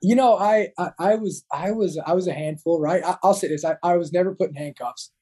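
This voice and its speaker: A man's voice: sits high, a little fast, warm tone, slightly rough, rough recording. A man in his thirties, a Marine veteran, talking as a guest in an interview, often restarting and repeating words. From United States. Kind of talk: casual interview talk.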